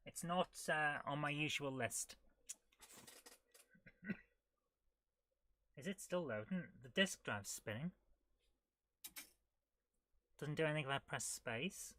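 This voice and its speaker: A woman's voice: deep voice, slow pace, pauses often, fairly bright tone. A woman streaming retro games, thinking aloud as she plays and reacting with amused disbelief. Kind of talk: casual live gameplay commentary.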